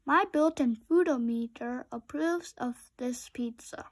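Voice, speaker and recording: A woman voicing a calm, logical, friendly robot in a storybook read-aloud, speaking in formal, precise phrases. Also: sits high, slow pace.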